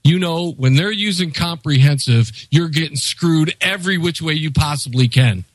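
A man's voice: on the high side, moderate pace, dry recording, poor audio. A man in casual political chat, emphatic and sardonic.

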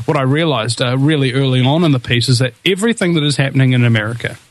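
A New Zealand talk radio host delivers impassioned, rallying commentary, full of hesitations and restarts. He talks fast at a medium pitch.

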